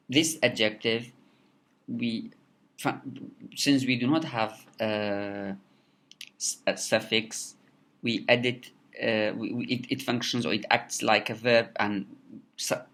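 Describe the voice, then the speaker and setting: A man giving a recorded lecture, halting with many fillers and repeated words. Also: mid-range voice, steady tone, fairly bright tone. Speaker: English lecturer.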